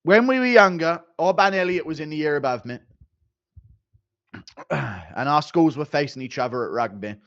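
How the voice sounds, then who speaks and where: A young man chats with viewers on a live stream. His voice swings up and down with animated, joking energy. The sound is dry and somewhat dull and lo-fi. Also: medium pitch, normal speed, pauses often, dry recording. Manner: animated and joking, with mild swearing. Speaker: streamer reading chat. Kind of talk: casual live-stream chat.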